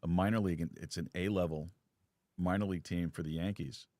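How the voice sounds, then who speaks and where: A man's voice: sits low, steady tone, fast, darkish tone. A man from New York hosting an interview show, speaking in a friendly, encouraging way. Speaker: host. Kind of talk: casual interview conversation.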